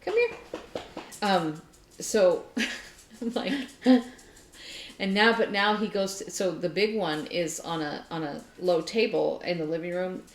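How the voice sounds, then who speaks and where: A woman co-hosting a casual chat, telling an animated story and laughing often. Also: on the low side, a little slow, a little hiss or hum. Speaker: podcast co-host. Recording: roomy echo.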